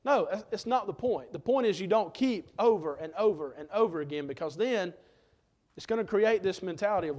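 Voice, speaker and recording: A man's voice: high voice, lively intonation, brisk, a little mellow. A man preaching a sermon, earnest and emphatic, citing scripture verses as he goes.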